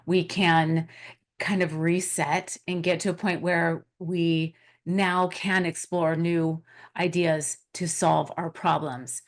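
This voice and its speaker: Enthusiastic low-voiced woman podcast host. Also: level tone, takes it slowly. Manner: enthusiastic, affirming. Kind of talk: podcast interview.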